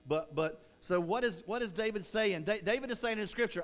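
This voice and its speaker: High-voiced, energetic preacher man. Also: a little fast, few pauses. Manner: energetic, conversational preaching with many restarts. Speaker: pastor. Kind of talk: sermon.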